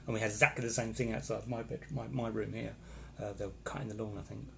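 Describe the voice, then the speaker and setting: A man's voice: lowish voice, fairly even intonation, quick pace, gravelly, sharp tone, a little hiss or hum. A man chatting casually on a live stream, rambling and reacting to viewer comments from a hotel room. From England. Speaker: vlogger reading live comments.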